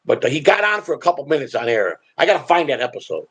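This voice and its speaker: A man's voice: on the high side, very animated, fast, breathy edge, highs cut off. A man hosting a live stream, telling stories in a rambling, blunt and profane way. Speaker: streamer and show host. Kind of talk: casual storytelling on a live stream.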